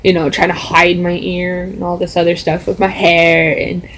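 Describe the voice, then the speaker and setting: A woman's voice: lowish voice, level tone, moderate pace, fairly bright tone, slight background noise, low-quality recording. A young adult woman telling a story in a casual, rambling vlog style, full of fillers. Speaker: vlogger.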